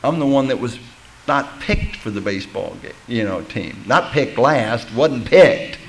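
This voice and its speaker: A man's voice: medium pitch, very animated, a little slow, background noise. A man giving a personal testimony at a recovery meeting, telling his story candidly and with self-mocking humor, acting out the voices of people he quotes.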